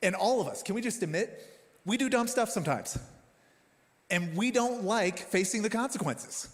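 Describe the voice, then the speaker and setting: A male pastor in his thirties delivers a sermon with a somewhat high voice. He tells stories in an animated, self-deprecating way. His voice rings out with a long reverb, as in a church auditorium. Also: normal speed. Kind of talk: sermon with personal story.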